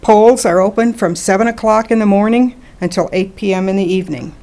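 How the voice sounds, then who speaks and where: A woman moderating a local candidate forum, reading formal thanks and reminders in a measured way. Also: medium pitch, dark tone. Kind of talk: formal closing remarks. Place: public meeting hall.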